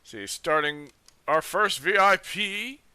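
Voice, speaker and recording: A man hosting a live stream, giving casual shout-outs in a relaxed, amused way. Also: sits high, slow, smooth, no room sound. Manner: relaxed, amused, laughs often. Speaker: streamer host.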